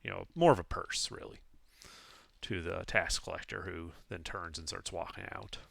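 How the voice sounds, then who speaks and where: A man narrating a tabletop game as game master in a relaxed, descriptive way. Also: deep voice, normal speed, vocal fry, husky, dry recording.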